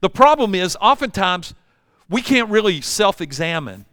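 A man's voice: high voice, big pitch swings, moderate pace, fairly bright tone, no room sound, studio quality. An older man preaching a sermon, telling folksy stories and acting out voices. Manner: folksy storytelling with acted-out voices. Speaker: pastor.

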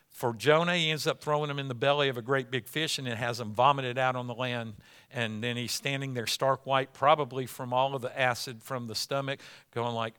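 A man's voice: medium pitch, sharp tone, clean tone. A middle-aged man preaching a sermon, moving from casual storytelling into emphatic calls to the congregation. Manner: conversational storytelling, then rising to emphatic preaching. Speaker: pastor.

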